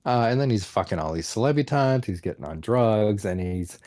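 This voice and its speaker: A man's voice: on the low side, brisk, dry recording. Mocking man on a dry podcast mic. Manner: animated, mocking, laughs often. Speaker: podcast host. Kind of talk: casual comedy podcast rant.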